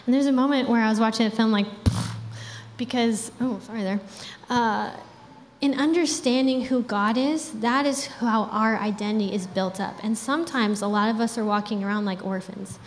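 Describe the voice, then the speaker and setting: A woman's voice: a little high, steady tone, normal speed. A young woman preaching a sermon in a casual, chatty way, with frequent fillers. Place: church hall. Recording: reverberant hall with faint background noise.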